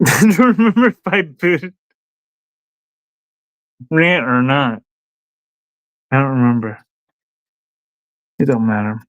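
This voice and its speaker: A man's voice: mid-range voice, slow pace, long pauses, dry recording, dull audio. A man hosting a casual livestream, rambling and musing aloud, sometimes talking to his dog. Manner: rambling, talks to his dog between thoughts. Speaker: livestream host.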